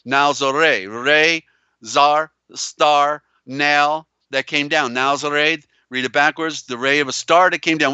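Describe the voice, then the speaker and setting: A man's voice: on the high side, fairly even intonation, a little slow, sharp tone, clear, resonant tone, no room sound, muffled recording. A man hosting a live call-in show. He talks emphatically and repeats himself, with many fillers and restarts. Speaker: host. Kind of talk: live call-in show, reading viewer comments.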